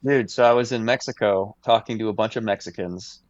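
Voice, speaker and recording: A man's voice: lowish voice, brisk, dry recording. A man co-hosting a podcast, telling a long anecdote in a rambling way with many fillers. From United States. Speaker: podcast co-host. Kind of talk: casual podcast storytelling. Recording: dull lo-fi dry audio.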